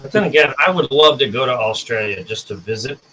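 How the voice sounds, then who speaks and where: Streamer type: American man, bright and forward tone, chatty and self-correcting. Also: mid-range voice, fast talker, a little hiss or hum, poor audio. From United States. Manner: rambling, self-correcting, talks to chat. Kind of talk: casual chat on a live stream.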